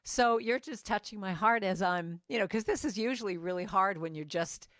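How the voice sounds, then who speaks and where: A woman's voice: mid-range voice, normal speed, a bit bright, no room sound, studio quality. A woman giving an earnest, chatty inspirational morning message as guest speaker, talking over a video call.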